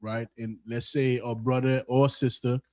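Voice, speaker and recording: A man's voice: mid-range voice, level tone, a little slow, no room sound. Hesitant man asking a question. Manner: hesitant, polite, many fillers.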